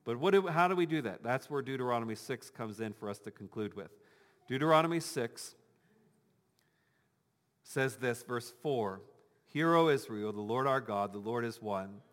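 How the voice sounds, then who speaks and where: A man's voice: mid-range voice, expressive, normal speed, fairly bright tone, big-room sound. A male pastor giving a conversational sermon with touches of humor, acting out imagined voices of the congregation.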